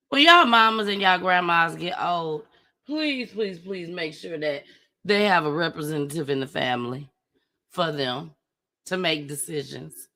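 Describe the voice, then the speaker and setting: A woman's voice: low-pitched, sharp tone. A woman hosting her own show, chatting casually and emphatically as she reacts to news clips. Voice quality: emphatic, repeats phrases for emphasis. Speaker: commentary show host. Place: home studio with green screen.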